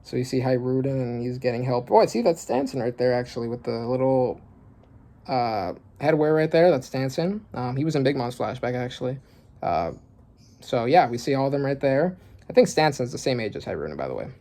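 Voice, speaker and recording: A man giving a casual reaction to a new comic chapter. He reads the panel dialogue aloud and then comments on it in a loose, conversational way. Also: a little fast. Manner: excitable, shouts and cracks high when shocked. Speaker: manga reactor.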